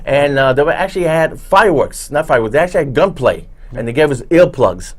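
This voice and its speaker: A man who chats casually as the host and tells long, wandering stories. He restarts his sentences often and leans on fillers. His voice sits a little high for a man. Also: animated, fast. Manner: rambling, many restarts and fillers. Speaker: show host, background actor. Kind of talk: casual chat, storytelling.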